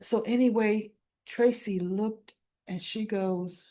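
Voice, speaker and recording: A woman's voice: mid-range voice, fairly even intonation, slow pace, warm tone. A woman recapping a soap opera episode in a casual, chatty way, acting out the characters' lines and laughing often.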